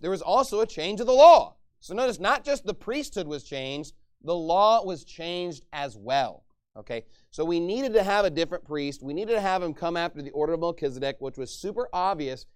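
Man preaching with a smooth, clear voice. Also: on the high side, expressive, moderate pace. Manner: emphatic preaching with sudden loud peaks; conversational asides with frequent "okay?" and "right?". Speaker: pastor. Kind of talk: sermon.

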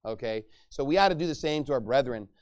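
A man's voice: medium pitch, animated, quick pace. A man preaching a sermon, reading verses and explaining them with emphatic, rising delivery. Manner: emphatic, rising to loud bursts when acting out angry speech.

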